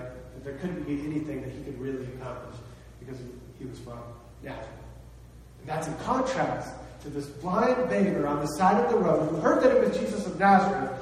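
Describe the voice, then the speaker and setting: A man preaching in a large hall, recorded by a mic some distance away, so his voice rings with long, heavy reverb. His pitch sits a little high for a man, and he talks to the room like a conversation, tossing out questions and lifting his voice on the phrases that matter. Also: a little hiss or hum. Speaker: pastor. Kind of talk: sermon.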